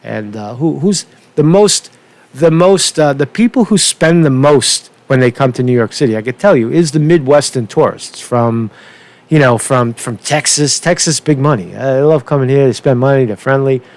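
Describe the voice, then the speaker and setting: A man ranting unscripted on a political commentary vlog, profane and rambling, with halting restarts, repeated words, and a constant "right?" tag. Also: medium pitch, a little mellow. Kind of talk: unscripted rant.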